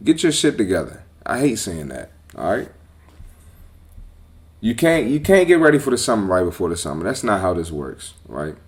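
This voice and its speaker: A man hosting a podcast as a personal trainer, talking bluntly and with profanity in a casual, animated monologue. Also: lowish voice, moderate pace.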